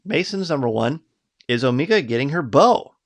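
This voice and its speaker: A man's voice: mid-range voice, lively intonation, normal speed. A man hosting a live podcast, reading out viewers' picks in an upbeat, chatty way. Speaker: podcast host.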